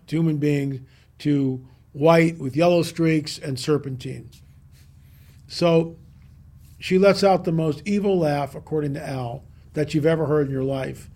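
A man, a guest on a talk show, telling a story with animated emphasis and repeating key lines. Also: fairly high pitch. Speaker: guest, UFO researcher. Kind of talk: podcast interview storytelling.

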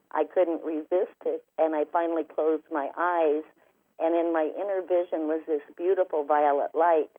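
A woman, a spiritual healer and author, telling her story as a guest in an interview, vivid and detailed. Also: low-pitched. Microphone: telephone. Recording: tinny phone line.

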